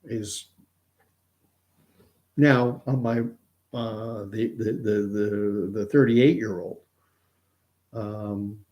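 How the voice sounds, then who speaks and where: A man's voice: lowish voice, steady tone, drawn-out words, pauses often, mellow, muffled recording. A middle-aged man from Canada, hosting casual commentary in a rambling way with many restarts and repeated words. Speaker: host.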